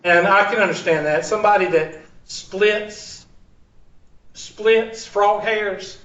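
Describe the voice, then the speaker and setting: Blunt, wisecracking math teacher with a bright voice, on a dull lo-fi recording. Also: male voice, high-pitched, slow. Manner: joking, digressive, blunt storyteller. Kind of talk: classroom lecture. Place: classroom. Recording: roomy, distant, dull lo-fi room recording.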